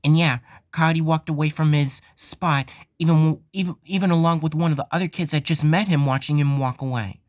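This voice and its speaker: A man's voice: on the high side, fairly even intonation, fairly quick, hardly any pauses, dry recording, studio quality. A man hosting his own channel, talking in an earnest vlog style that is repetitive and full of stumbling restarts. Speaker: host of a fan-made theme park channel.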